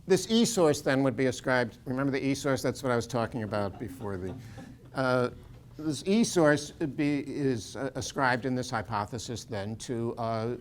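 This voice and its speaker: A man's voice: medium pitch, slight background noise. An older man, a Bible scholar, gives an informal lecture full of anecdotes, with frequent fillers and restarts. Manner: digressive, many fillers and restarts.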